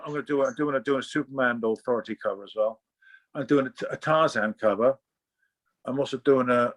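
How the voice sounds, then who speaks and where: Rambling, sweary English artist on a dry call. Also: male voice, mid-range voice, no room sound. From Oxfordshire, England. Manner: rambling, sweary, restarts a lot. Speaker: comic artist guest. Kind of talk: casual interview chat.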